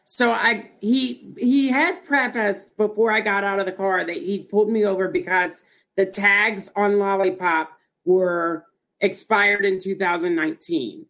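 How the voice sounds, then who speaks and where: Female host, chatty storyteller, self-deprecating and animated. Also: medium pitch, measured pace. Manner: animated, rambling, self-mocking. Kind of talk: casual storytelling.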